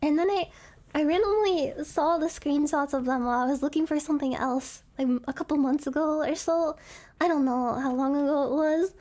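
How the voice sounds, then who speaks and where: A woman's voice: sits high, fairly even intonation, brisk, mellow. A woman streamer chatting casually on a live stream, giggly, rambling and apologetic, with bad hiccups.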